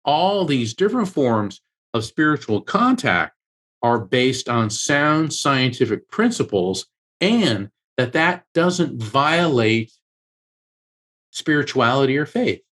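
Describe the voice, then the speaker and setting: A man guesting on an interview, speaking at a middle pitch. He tells a personal story in an earnest, emotional way, slowing down and speeding up as the feeling takes him. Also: big pitch swings, a bit bright. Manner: earnest, emotional storyteller who acts out quoted voices. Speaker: medium and author, guest.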